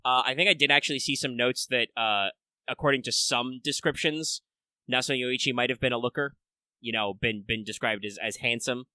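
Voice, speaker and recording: A podcast host speaks in a forceful, bright, resonant voice at medium pitch, recorded close and dry. His tone stays steady and clear while he talks briskly, rambling with filler words and restarts as he explains things to listeners.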